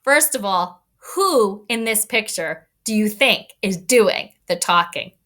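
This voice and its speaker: A woman teacher giving an online read-aloud lesson to young children, talking in an expressive, kid-directed way. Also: medium pitch, takes it slowly. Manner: animated, expressive teacher voice addressing kids. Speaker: elementary school teacher.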